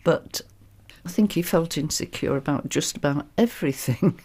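A woman's voice: low-pitched, moderate pace, darkish tone, slightly rough. A woman with a northern English accent reminiscing in an interview, hesitant and using fillers.

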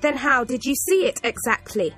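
A woman doing a sharp, stern headmistress. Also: high-pitched, expressive, normal speed, soft background music, pitched above the performer's own voice.

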